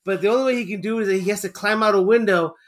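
A man co-hosting a casual film chat, retelling scenes excitedly with frequent laughter and swearing. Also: high voice, very fast. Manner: excitable, laughing, profane storytelling. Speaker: podcast co-host.

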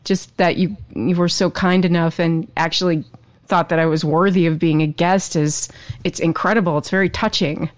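A woman co-hosting a show in casual chat, bubbly and quick to swear and laugh. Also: fairly low pitch, fairly even intonation. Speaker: co-host.

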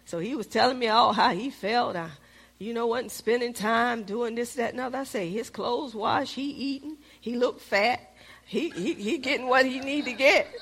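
A middle-aged woman pastor, preaching with a fairly high voice. She calls out to the congregation and swings between firm, raised emphasis and hushed whispers. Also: moderate pace, creaky, slightly rough. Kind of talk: sermon.

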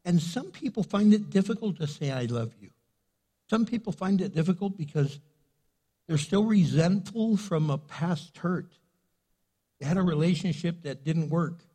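A man's voice: high-pitched, normal speed, warm tone, husky. An older man preaching a sermon as pastor in a church sanctuary, talking conversationally with frequent fillers.

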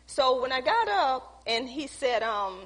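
A woman's voice: sits high, big pitch swings, a little slow, a bit bright. A woman pastor preaching a sermon, telling a personal story and acting out conversations with emphasis. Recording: long hall reverb.

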